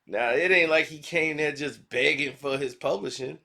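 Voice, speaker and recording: A man hosting a casual commentary vlog, talking in slangy, animated style and acting out quotes. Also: on the high side, normal speed, gravelly. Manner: animated, slangy, acts out quotes in other voices. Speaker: commentary channel host.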